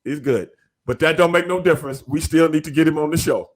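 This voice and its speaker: A man with a slightly high voice speaks briskly as he hosts a podcast in casual interview chat. His delivery is emphatic, repetitive, and full of slang.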